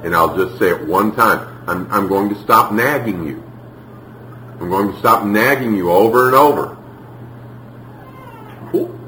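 Calm firm mother, as a man puts her on. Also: on the low side, roomy sound, slight background noise, poor audio. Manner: slow, calm, deliberate.

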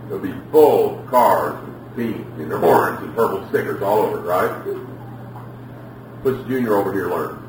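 Animated man preaching in an echoey hall. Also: deep voice, normal speed. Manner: storytelling, asks the audience questions, acts out scenes. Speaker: speaker teaching on parenting. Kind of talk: preaching to a live audience. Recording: roomy hall, mic at a distance, faint noise.

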